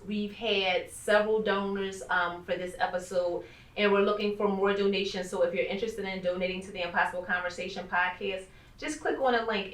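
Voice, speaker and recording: Bright-voiced woman podcast host. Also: medium pitch, roomy sound, recorded from a distance. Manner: reflective, measured, faith-minded. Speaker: podcast host, life coach. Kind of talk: casual conversational podcast.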